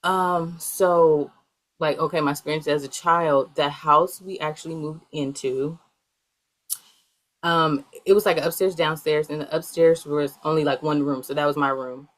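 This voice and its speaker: A woman with a notably low, deep voice answers interview questions in a loose, wandering way. She is a young adult and fills her talk with plenty of "um" and "like". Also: fairly even intonation, a little slow, low-quality recording. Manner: rambling, filler-heavy. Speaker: guest, healer.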